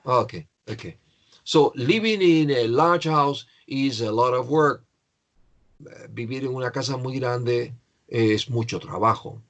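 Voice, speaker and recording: Slow, patient man teaching grammar. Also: mid-range voice, fairly bright tone. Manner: slow, patient explaining with repetition. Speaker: English teacher.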